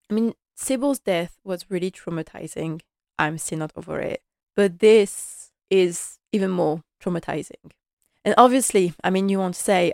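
A woman's voice: fairly low pitch, darkish tone, no room sound, clean studio sound. A woman giving a casual, impassioned and rambling recap of a TV episode.

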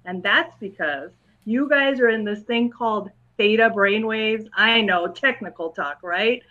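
Calm higher-pitched woman, dull recording. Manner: calm, patient explaining in simple terms to a young interviewer. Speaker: guest, school psychologist and clairvoyant. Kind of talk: interview answers.

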